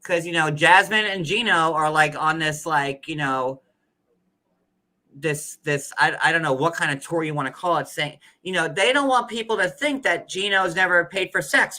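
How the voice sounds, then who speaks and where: A man's voice: fairly high pitch, moderate pace, pushed and bright. A man hosting a casual commentary show, chatting loosely with many fillers and reading comments aloud. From United States. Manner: chatty, lots of "like" and restarts, reads comments aloud.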